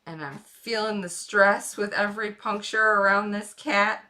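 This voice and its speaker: A woman's voice: mid-range voice, fairly even intonation, measured pace, bright, forceful tone. A woman streaming live while carving a pumpkin, chatting playfully and rambling to her viewers. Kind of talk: casual live-stream chat.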